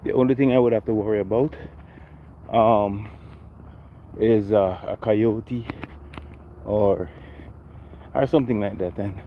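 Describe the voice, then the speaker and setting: A man's voice: lowish voice, narrow, tinny audio, slight background noise. A man hosting a casual live walking vlog on a residential street, chatting with viewers and greeting them by name. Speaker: livestream host.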